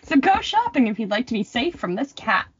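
Woman podcast host, animated swooping voice, slightly husky, joking asides, dry dull-sounding mic. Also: a little high, a little fast, dry recording. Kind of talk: casual chat, reading folklore notes.

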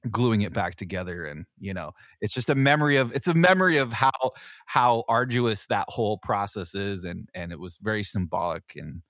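Low-voiced man telling casual stories. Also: lively intonation, normal speed, a bit bright, no room sound, studio quality. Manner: rambling, with many fillers, swearing and laughter. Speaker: podcast host; Navy veteran. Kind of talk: casual storytelling chat.

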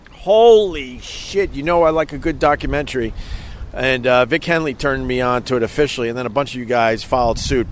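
A middle-aged man hosting a casual livestream outdoors on a beach at sunset, rambling and chuckling as he reads viewer comments. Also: medium pitch. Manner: rambling, chuckling, loose and profane. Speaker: livestream host. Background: wind and faint outdoor noise.

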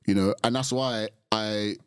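A man's voice: on the low side, fairly even intonation, clear, resonant tone, no room sound, studio quality. A man co-hosting a podcast in casual chat, speaking in a reflective way and filling his sentences with "like". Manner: fast, reflective, heavy use of "like". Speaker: podcast co-host.

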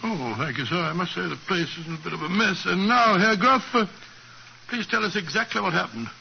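Brief: an affable doctor sidekick, high and gravelly, 1940s radio drama. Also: male voice, animated, brisk. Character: bluff, good-natured British doctor companion. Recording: muffled 1940s radio broadcast, faint hiss, off-mic.

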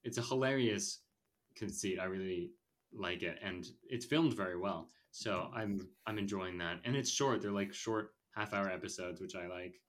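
A man's voice: low-pitched, normal speed, a bit bright. A man hosting a casual movie podcast, rambling and opinionated, with lots of fillers. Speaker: podcast host.

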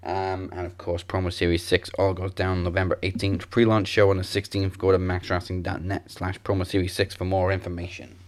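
A man's voice: sits low, flat delivery, fairly quick, hardly any pauses. A man hosting a podcast, steadily reading out announcements and sign-offs. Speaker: podcast host.

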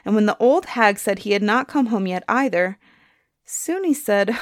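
A woman telling a folktale aloud in a lilting, expressive way, letting line endings trail off softly. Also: mid-range voice, normal speed, no room sound, studio quality. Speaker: storyteller. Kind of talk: folktale storytelling.

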